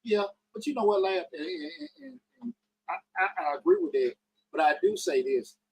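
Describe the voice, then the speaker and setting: A man hosting a casual call-in podcast, talking in bursts with frequent restarts and emphatic upward pitch jumps. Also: huge pitch swings, normal speed, vocal fry, darkish tone, breathy edge, dry recording, poor audio. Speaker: podcast host.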